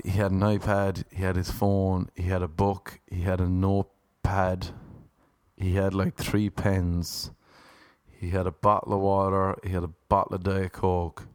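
A man's voice: sits low, no echo, clean studio sound. Ranting man telling a story. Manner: ranting, profane, animated. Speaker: vlogger. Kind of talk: casual storytelling to viewers.

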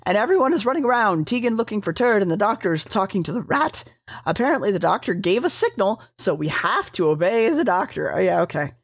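Woman telling a game recap all casual, swears, pitch bouncing up and down, dry close sound. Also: big pitch swings, a little fast, breathy edge, no echo. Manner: rambling, swearing, hedging. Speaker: player recapping a game session.

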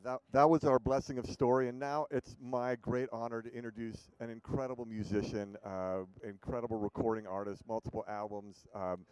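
A man hosts a ceremony and introduces a musician with growing enthusiasm. His voice is smooth and resonant. The sound is dry and close on a handheld mic. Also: medium pitch, darkish tone, dry recording, low-quality recording. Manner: enthusiastic, building to a big introduction. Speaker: ceremony host. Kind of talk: introducing speakers. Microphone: handheld microphone.

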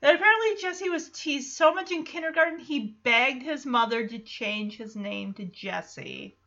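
A woman hosting a podcast, recapping an episode in a chatty, animated way. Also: high voice, a little slow, muffled recording. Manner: chatty, animated, acts out quotes. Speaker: podcast host.

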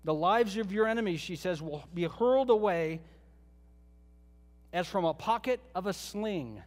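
A pastor preaching a sermon, retelling a Bible story in a conversational way with joking asides. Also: male voice, sits high, lively intonation, a little slow, long reverb tail.

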